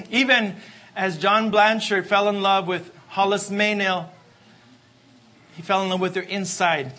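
Pushed and bright, this high-pitched male preacher keeps returning to refrains and calling on the congregation for amens, his sermon emphatic and repetitive.

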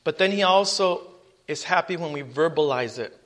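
A high-pitched man delivers a sermon with emphatic force. He reads scripture loudly and then drops low to put questions to the congregation. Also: lively intonation, moderate pace. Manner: emphatic preaching, rising loud on scripture, dropping low on asides. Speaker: preacher.

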